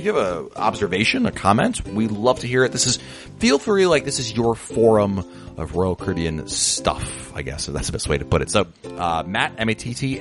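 Lively fast-talking male podcast host. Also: on the low side. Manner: lively, chatty, many restarts. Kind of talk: casual podcast chat.

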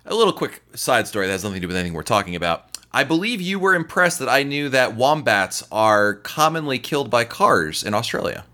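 A man's voice: mid-range voice, brisk, hardly any pauses. A man hosting a podcast in a casual, playful, joking manner. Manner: playful, jokey, lively delivery. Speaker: podcast host.

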